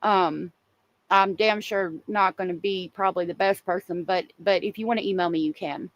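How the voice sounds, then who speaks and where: A woman's voice: fairly low pitch, steady tone, moderate pace, dull audio. A woman hosting a true crime livestream, talking casually and emotionally and answering viewers in the chat.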